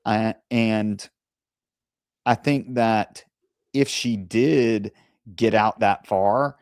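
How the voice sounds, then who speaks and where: A man co-hosting a casual discussion, speaking in a measured, careful way with pauses and fillers. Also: lowish voice, darkish tone, dry recording, studio quality. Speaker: co-host.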